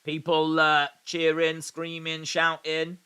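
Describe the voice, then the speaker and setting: Dry, sarcastic man, bright voice. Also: a little high, monotone, takes it slowly, clean tone. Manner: dry and sarcastic, reading viewer comments aloud. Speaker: live stream host reacting to wrestling. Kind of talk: live watch-along commentary.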